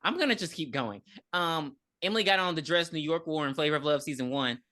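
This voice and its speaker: A woman in her thirties talks through a film's plot on a casual podcast, cursing freely as she goes. Her voice sits a little low but moves a lot, with a bright, forceful edge. She keeps the story moving while she complains about it. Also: expressive, quick pace. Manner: recaps plot with blunt profane asides. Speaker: podcast co-host. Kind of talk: casual movie review chat. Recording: audio podcast.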